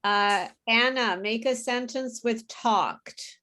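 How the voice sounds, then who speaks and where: A woman teaching an English pronunciation class, modelling words slowly and patiently for students to repeat. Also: a little high, sharp tone. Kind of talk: online group pronunciation class.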